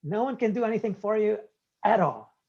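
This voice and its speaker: A man's voice: high-pitched, fairly quick, gravelly, husky, lo-fi sound. A man, a guest in an interview, telling stories animatedly and acting out the dialogue. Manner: animated, acts out quoted dialogue. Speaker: guest entrepreneur. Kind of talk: interview storytelling.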